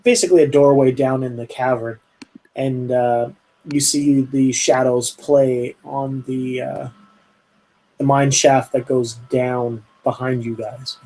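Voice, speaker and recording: A man's voice: mid-range voice, fairly even intonation, slow pace, dark tone, rough recording. Canadian man narrating a tabletop game. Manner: meandering, filler-heavy narration. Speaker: game master.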